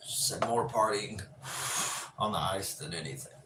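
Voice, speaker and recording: Man, low voice, joking live-stream host, swears a lot, distant mic, echoey, background noise. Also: a little slow. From Pennsylvania. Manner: laid-back, joking, swears freely. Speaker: livestream host. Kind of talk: casual live-stream chat. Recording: roomy echo, distant mic, ambient noise.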